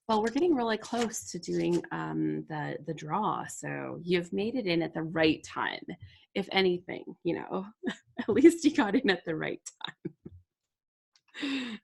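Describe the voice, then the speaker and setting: A woman's voice: medium pitch, lively intonation, a little slow, gravelly, pauses often. A middle-aged woman hosting a live crafting stream, chatting casually and laughing often as she reads out viewer comments. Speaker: livestream host. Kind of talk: casual chat while crafting.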